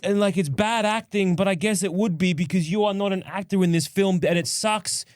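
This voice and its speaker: A man on a podcast, animatedly recapping a film, acting out characters in quick voices and swearing casually. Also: high voice, no echo, clean studio sound. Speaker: podcast co-host.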